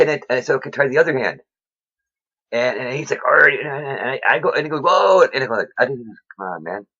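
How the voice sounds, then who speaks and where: Casting note: husky man, rambling and excitable, preaching casually into a dull lo-fi recording. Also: lowish voice. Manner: rambling, excitable, many fillers. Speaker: vlogger. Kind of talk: casual faith monologue.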